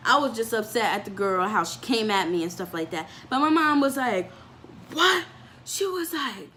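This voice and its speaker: A young woman vlogger telling a story from her life in a casual, animated way, with lots of "like" and acted-out voices. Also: mid-range voice, fairly quick, a little hiss or hum. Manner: animated storytelling, fillers with "like", acts out quoted voices.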